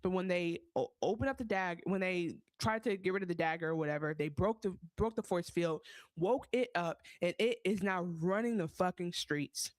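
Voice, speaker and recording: A woman's voice: fairly low pitch, moderate pace, no echo. A woman co-hosting a podcast, chatting casually and animatedly about a TV season, often acting out the characters' lines. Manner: animated, acts out quoted lines in voices. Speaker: podcast co-host. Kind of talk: casual recap chat.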